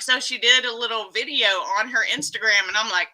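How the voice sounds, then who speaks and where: A Texan woman hosts a live stream in a chatty, teasing way. Her voice is very bright and sits a little high for a woman. She keeps the talk moving and greets viewers by name. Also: fairly even intonation, fast, hardly any pauses, low-quality recording. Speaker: livestream host. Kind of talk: casual live-stream chat.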